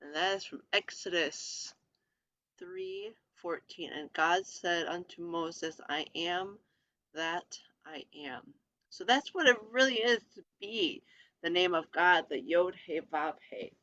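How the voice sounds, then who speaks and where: Slow, hesitant teacher with a bright tone. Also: medium pitch, no room sound, muffled recording. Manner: hesitant, frequent ums, reads letter lists aloud. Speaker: Hebrew teacher. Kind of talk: informal classroom lesson. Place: presenting a lesson from a screen share.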